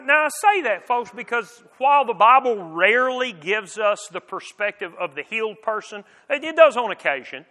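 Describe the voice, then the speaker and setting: A man's voice: high voice, sharp tone. A man preaching a sermon in an earnest, conversational way, with frequent restarts and rhetorical questions. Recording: long reverb of a large hall.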